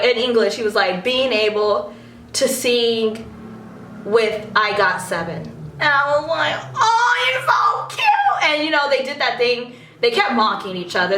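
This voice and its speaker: A young woman excitedly telling a story in a vlog, giggling and acting out what people said. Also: a little high, roomy sound, recorded from a distance. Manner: gushing, giggly, acts out quotes.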